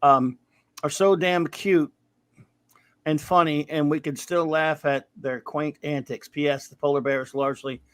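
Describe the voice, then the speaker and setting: A man's voice: a little high, fairly even intonation, measured pace, no echo. Wry rambling male podcast host. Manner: rambling, wry, trails off into mumbles. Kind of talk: casual review chat reading listener grades.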